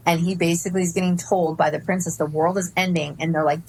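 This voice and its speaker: A woman in her forties chatting casually as a podcast guest, an effusive and animated storyteller. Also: lowish voice, quick pace, vocal fry, hardly any pauses, a little hiss or hum, poor audio. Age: 40s. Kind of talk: casual spiritual chat.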